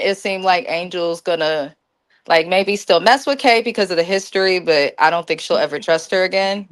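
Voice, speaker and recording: A woman co-hosting a casual reality TV recap, giving emphatic opinions and repeating her points for effect. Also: fairly low pitch. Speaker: podcast co-host.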